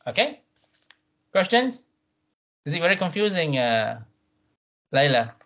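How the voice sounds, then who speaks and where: A man teaching a Quran reading class, patient, often repeating himself and checking in with "right?", drawing out Arabic words slowly to model them. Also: fairly high pitch, sing-song, sharp tone. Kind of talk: tajweed revision class.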